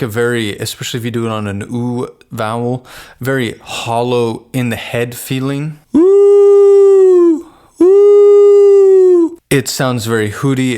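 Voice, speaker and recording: A man teaching singing, explaining plainly and breaking into sung falsetto demonstrations. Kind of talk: vocal lesson with sung demonstrations.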